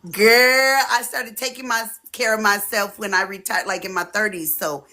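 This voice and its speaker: A woman's voice: medium pitch, moderate pace. A woman in her forties chatting casually as an interview guest, telling stories and acting out the voices of friends she quotes. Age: 40s. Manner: animated storyteller, often acting out quoted friends. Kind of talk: casual chat. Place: home streaming setup.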